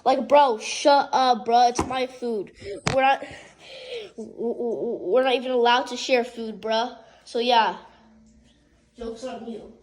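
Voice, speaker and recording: High-voiced, rambling young woman vlogger. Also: fairly even intonation, slow pace, darkish tone, poor audio. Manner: rambling, playful, many restarts. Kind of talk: casual vlog chatter.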